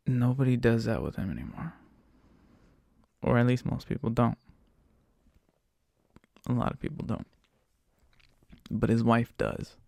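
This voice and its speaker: A man's voice: medium pitch, gravelly, dark tone, no echo, clean studio sound. A man telling a story in a casual, profane, laid-back way as a podcast host, retelling a conversation with a passenger.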